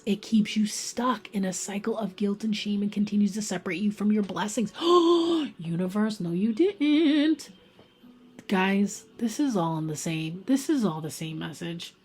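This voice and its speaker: A woman giving a casual pick-a-card tarot reading, chatty and emphatic, talking straight to her viewers and sometimes dropping to a soft whisper for emphasis. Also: medium pitch, breathy edge. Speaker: tarot reader.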